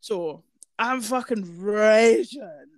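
A woman's voice: mid-range voice, extremely slow, slight background noise. A young woman co-hosting a podcast, telling stories casually with lots of swearing. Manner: chatty, swears freely, lively storytelling. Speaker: podcast co-host.

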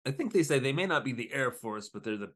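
A man co-hosting a podcast, chatting casually as he recaps an episode and jumps into quick put-on voices for the characters. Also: mid-range voice. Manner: animated, acts out lines in quick voices. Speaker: podcast co-host.

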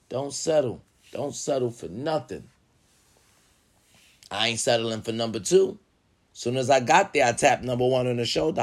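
A man giving casual motivational talk, preaching emphatically and swinging from low murmurs to loud urging. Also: moderate pace. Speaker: motivational vlogger.

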